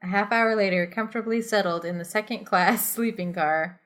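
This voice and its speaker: A woman co-host reads an adventure story aloud in a loose, chatty way. Her voice sits at an ordinary middle pitch, and her playful delivery keeps tipping into giggles. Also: fairly even intonation, normal speed, a bit bright. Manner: giggly, playful, breaks into laughter mid-sentence. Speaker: podcast co-host reading a choose-your-own-adventure story. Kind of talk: casual read-aloud narration.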